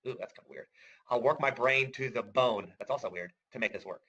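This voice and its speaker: A man's voice: mid-range voice, fairly quick, pushed and bright, lo-fi sound, a little hiss or hum. A middle-aged man giving a webinar as a trading course instructor, chatty and enthusiastic, often asking "right?" and chuckling. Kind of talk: webinar presentation.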